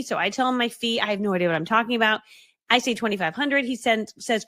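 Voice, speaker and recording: A woman coaching her audience in a rapid, lively stream, her fairly high voice swinging widely up and down. She acts out the voices in her story as she goes, and the sound is close and dry with no room around it. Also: no room sound. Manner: fast-talking, animated, acts out quoted voices; laughs often mid-story. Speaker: business coach. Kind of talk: live storytelling talk to an online audience.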